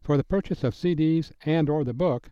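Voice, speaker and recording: Earnest radio Bible teacher, dry lo-fi sound. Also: male voice, fairly high pitch, warm tone, clear, resonant tone, dry recording. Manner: measured, earnest, emphatic. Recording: dry, dull lo-fi broadcast audio.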